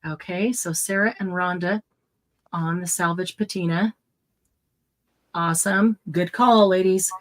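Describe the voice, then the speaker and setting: A woman's voice: fairly low pitch, fairly even intonation, unhurried, long pauses, rough recording. A middle-aged woman hosting a live craft supply sale, chatting casually, laughing often and listing product colors.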